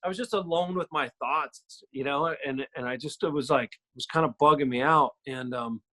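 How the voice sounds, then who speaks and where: A man's voice: on the high side, moderate pace, bright, forceful tone. A man on a podcast from home, telling a story in a chatty, casual way, full of fillers. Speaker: podcast guest, soap actor. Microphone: remote call from home.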